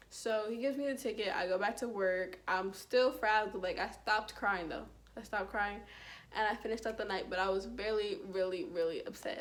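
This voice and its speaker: A young woman telling a story to camera in a chatty, animated way, with asides and laughs. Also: medium pitch. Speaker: vlogger. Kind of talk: casual storytime.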